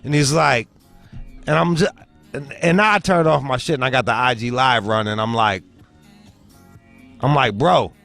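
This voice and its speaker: A man's voice: medium pitch, normal speed, gravelly, long pauses, soft background music. A young man hosting a show, telling a story as a profane comedic rant and acting out the voices he quotes. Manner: animated storytelling, acts out quoted voices, swears heavily. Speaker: host.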